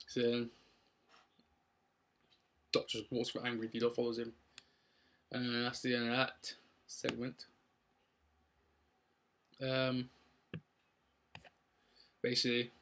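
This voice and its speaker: A man's voice: medium pitch, completely flat delivery, unhurried, pauses often, fairly bright tone, a little hiss or hum. A young man from London with a London accent, casually recapping a wrestling show with lots of ums and likes. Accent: London English. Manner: rambling, upbeat, many ums and likes.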